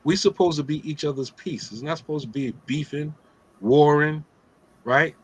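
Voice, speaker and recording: A man's voice: fairly high pitch, moderate pace, breathy edge, low-quality recording. A middle-aged man hosting a casual religious talk, streetwise and joking, often asking "right?". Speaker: host of an Islamic talk show.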